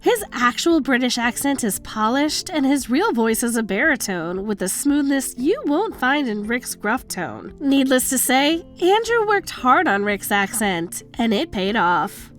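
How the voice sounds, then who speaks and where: A woman's voice: sits high, sing-song, measured pace, hardly any pauses, a bit bright. A woman reading a scripted countdown voice-over in a polished, upbeat way. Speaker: countdown narrator. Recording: faint music bed under the voice.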